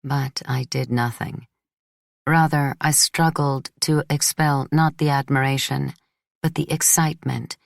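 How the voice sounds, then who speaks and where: Low-voiced woman narrating an audiobook. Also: fairly even intonation, vocal fry, dry recording, clean studio sound. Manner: measured, introspective. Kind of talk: scripted first-person narration.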